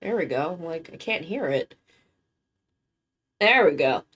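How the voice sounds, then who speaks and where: A worn-out woman chatting casually with her live-stream viewers, halting and rambling as she recovers from being sick. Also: sits low, animated, a bit bright, slightly rough. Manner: rambling, halting, with many restarts. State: worn-out and tired, recovering from illness.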